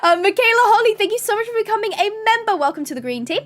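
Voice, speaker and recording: A woman's voice: sits high, very animated, quick pace, fairly bright tone. A young woman hosting a casual livestream from her room, reading chat messages aloud in a bubbly, chatty way and laughing often. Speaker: livestream host. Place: bedroom.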